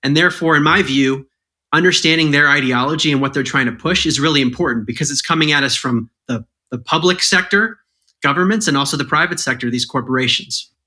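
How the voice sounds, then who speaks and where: Male podcast guest, author, bright clear voice, measured methodical explaining. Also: a little high.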